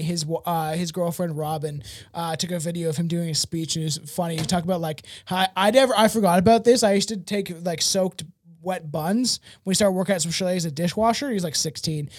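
A man co-hosting a podcast with a notably high voice. He talks casually and loosely, rambling, swearing often and padding his sentences with fillers. He sounds like he's in his thirties. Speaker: podcast co-host. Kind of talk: casual chat.

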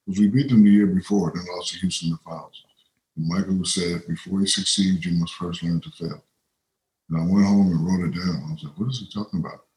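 Man, very low voice, casual storyteller, echoey room. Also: fairly even intonation, brisk, darkish tone. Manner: rambling anecdotes with quoted voices. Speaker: interview guest. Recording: roomy echo.

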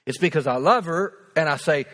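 A man with a notably high speaking voice delivers a sermon as a pastor. He talks to his congregation in an earnest, conversational way and repeats phrases to drive his points home. He sounds like he is in his thirties. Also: fairly quick, fairly bright tone.

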